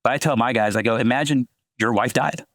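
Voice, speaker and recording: Man, podcast guest, sales leader, fast talker, acts out dialogue, mid pitch, dry sound. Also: no echo. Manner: fast, animated, acts out calls. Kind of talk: podcast interview.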